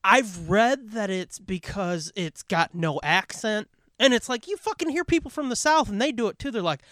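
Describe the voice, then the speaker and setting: A man co-hosting a podcast in casual chat, hyper and fast-talking, swearing constantly. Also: high-pitched, animated, fairly bright tone, dry recording, studio quality. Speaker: podcast co-host.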